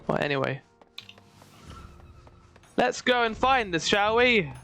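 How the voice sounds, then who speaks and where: A woman giving playful, excitable let's-play commentary between reading game dialogue aloud. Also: on the high side, takes it slowly, faint music behind. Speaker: game streamer.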